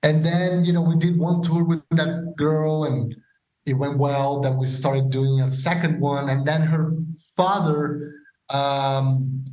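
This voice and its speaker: A man as a podcast guest, telling stories casually and acting out the dialogue with lively voices. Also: on the high side, slow. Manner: animated, acts out quoted dialogue. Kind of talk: casual storytelling interview. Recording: roomy echo.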